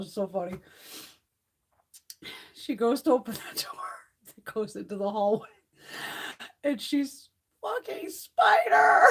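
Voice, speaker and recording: A woman's voice: fairly high pitch, darkish tone. Profane, laughing woman livestreaming. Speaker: beauty livestream host. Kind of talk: casual chat with live viewers.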